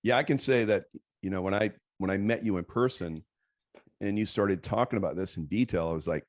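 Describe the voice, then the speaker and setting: A man hosting a casual talk, asking his guest relaxed, encouraging questions. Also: on the low side, brisk, no room sound, clean studio sound. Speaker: host. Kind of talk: casual chat.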